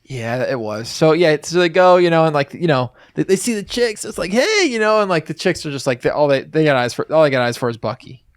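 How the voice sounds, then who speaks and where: A man's voice: a little high, animated, fast, hardly any pauses, clean tone, no room sound, clean studio sound. A man co-hosting a podcast, recapping a movie in rambling, crude, casual chat full of fillers and restarts. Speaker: podcast co-host.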